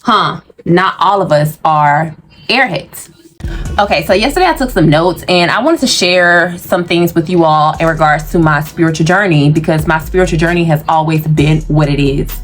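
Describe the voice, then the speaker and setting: A woman's voice: deep voice, normal speed. Dramatic, foul-mouthed woman vlogger. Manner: dramatic, profane, animated; self-affirming, outspoken. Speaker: YouTube host. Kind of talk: casual vlog monologue.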